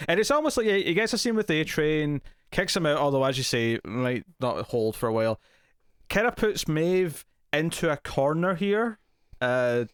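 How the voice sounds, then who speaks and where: A man co-hosting a casual TV review podcast, jokey and quick to laugh. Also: fairly high pitch, clean tone, no room sound, studio quality. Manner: laughs often, jokey, self-mocking. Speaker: podcast co-host.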